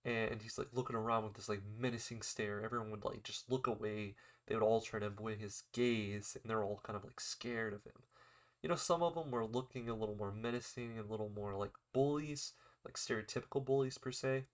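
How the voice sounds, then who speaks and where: A man's voice: on the low side, steady tone, fairly quick. Rambling young man recapping an episode. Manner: rambling, filler-heavy retelling with acted-out quotes. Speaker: anime episode reviewer. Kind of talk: casual recap.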